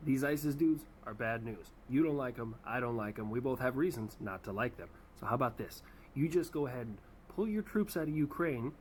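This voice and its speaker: A man's voice: medium pitch, animated, brisk, natural voice. Guy doing america as a cocky crude bro, faint hiss in the background.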